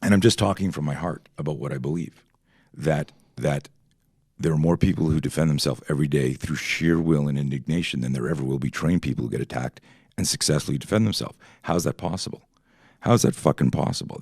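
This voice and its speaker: A man's voice: very deep voice, a little fast, creaky, a little mellow, husky, no room sound, studio quality. A man in his fifties, a podcast guest, telling rambling stories full of tangents and swearing in a casual chat. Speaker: podcast guest, self-defense instructor.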